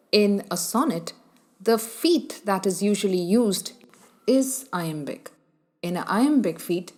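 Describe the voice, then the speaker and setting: A woman teaching a literature lesson in a measured way, explaining step by step and asking the listener questions. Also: medium pitch, darkish tone. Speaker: literature lecturer. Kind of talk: explanatory lecture.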